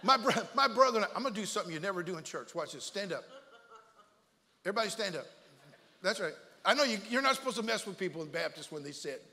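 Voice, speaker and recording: A male pastor preaching a comic, story-filled sermon to his church, energetic and jokey, repeating himself and acting out voices. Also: high-pitched, fast, long reverb tail. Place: church sanctuary.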